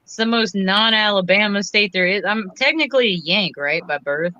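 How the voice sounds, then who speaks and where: A woman's voice: mid-range voice, moderate pace, pushed and bright. A woman from Iowa chatting casually and giggling between remarks. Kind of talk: casual chat. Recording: dull lo-fi sound with faint noise.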